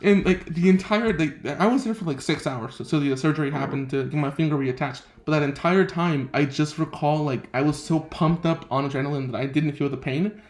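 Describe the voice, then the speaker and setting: A young man hosting a casual podcast chat, telling a story with lots of laughter and lively quoted voices. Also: on the high side, a little fast. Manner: laughing often, animated quoting of others. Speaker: podcast host.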